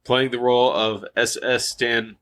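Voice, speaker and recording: A man's voice: mid-range voice, fairly even intonation, fairly bright tone. Nasal man in his thirties reading aloud. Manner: reads haltingly, restarting mispronounced words. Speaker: podcast co-host. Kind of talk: reading a profile aloud in a casual podcast.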